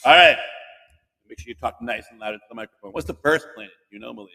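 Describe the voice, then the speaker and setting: A man's voice: medium pitch, fast talker, gravelly, in a large hall. A man hosting a podcast with two children, quizzing them in a playful, teasing way and cheering them on. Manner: animated, teasing, cheering the kids on. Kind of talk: playful kids' quiz chat.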